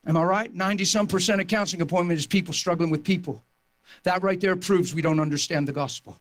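A man with a noticeably high voice preaches to his congregation, recounting his own story with fervent energy. His delivery swells from quiet reflection into near-shouted emphasis. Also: fast. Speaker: pastor. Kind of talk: sermon testimony.

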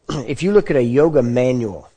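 Man, Texan drawl, preacher, folksy and joking, clears his throat often, medium pitch. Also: animated, normal speed, dark tone. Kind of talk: sermon.

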